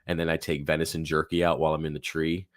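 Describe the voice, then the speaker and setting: A deep-voiced man hosts a live Q&A stream, rambling through casual talk with plenty of fillers and restarts. His voice is hoarse and fading. The sound is dry and close. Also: flat delivery, fast talker, no echo. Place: home office.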